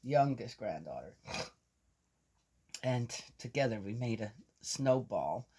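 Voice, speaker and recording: A woman's voice: extremely low pitch, animated, takes it slowly, warm tone, husky. An older woman chatting casually to her viewers, rambling from one thought to the next and laughing often. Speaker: vlogger. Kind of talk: casual chat to camera.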